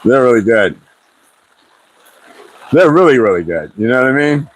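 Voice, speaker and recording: A man's voice: mid-range voice, sing-song, moderate pace, poor audio. A man talking casually to his viewers in a loose, rambling vlog, full of joking asides. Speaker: vlogger.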